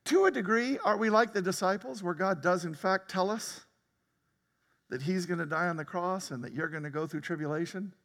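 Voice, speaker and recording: A man preaching a sermon as pastor, talking conversationally, laughing often and breaking into sudden loud outbursts. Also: high-pitched, fairly quick, big-room sound. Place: church sanctuary.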